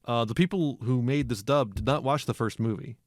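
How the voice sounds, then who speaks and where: A man co-hosting a casual film podcast, animated, swearing often and laughing a lot. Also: mid-range voice, brisk, dry recording, clean studio sound. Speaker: podcast co-host. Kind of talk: casual comedic film discussion.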